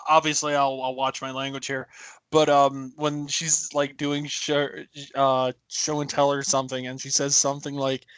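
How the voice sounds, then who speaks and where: A man who is a guest on a podcast, chatting casually about movies and excitedly saying oh my gosh. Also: medium pitch, moderate pace, clear, resonant tone, no echo.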